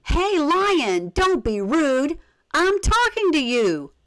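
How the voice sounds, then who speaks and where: A woman doing a high, pushy little boy. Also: big pitch swings, takes it slowly, fairly bright tone, dry recording, full character voice. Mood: indignant. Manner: pushy, demanding, whiny. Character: impatient young boy, quick to get annoyed. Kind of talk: children's storybook read-aloud.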